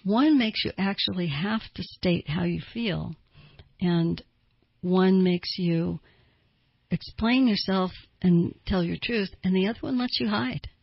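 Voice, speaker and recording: A woman's voice: on the low side, unhurried, vocal fry, breathy edge, no room sound. A woman therapist giving advice in an earnest way, asking listeners pointed rhetorical questions. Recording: dull lo-fi dry recording.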